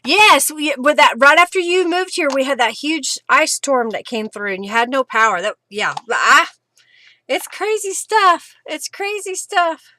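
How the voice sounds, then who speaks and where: Middle-aged lady chatting away on her craft stream, bright clear voice, talks back to viewer comments. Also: high-pitched, lively intonation, normal speed, hardly any pauses, dry recording. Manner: chatty, answers viewer comments while working. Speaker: craft live-stream host. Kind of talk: casual chat while crafting.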